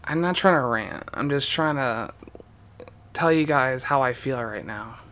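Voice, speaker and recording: A man's voice: mid-range voice, bright, forceful tone. Distressed young man confiding on camera. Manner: halting, pausing, voice dropping. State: distressed, near tears. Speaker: YouTuber. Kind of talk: emotional vlog confession.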